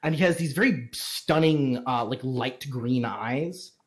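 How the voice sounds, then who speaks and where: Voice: mid-range voice, measured pace. A game master narrating a tabletop game, rambling with many fillers and restarts.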